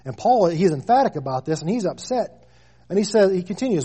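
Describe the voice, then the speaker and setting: A husky, mellow-toned man in his thirties delivers a sermon. He leans hard into key phrases, repeating them for weight, and sits a little higher in pitch than most men. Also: animated, fast. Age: 30s. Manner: preaching with rising emphatic stresses and repeated phrases. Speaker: preacher.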